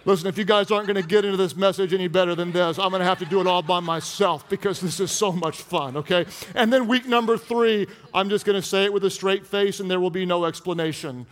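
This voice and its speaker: A man's voice: sits high, fast talker, hardly any pauses. A man preaching a humorous sermon as pastor, playful and teasing with the congregation. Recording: long reverb of a large hall.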